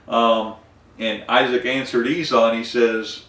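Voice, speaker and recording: A man teaching a Bible study, retelling scripture in a folksy, animated way, acting out the dialogue with many fillers. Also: medium pitch, moderate pace, echoey room, distant mic.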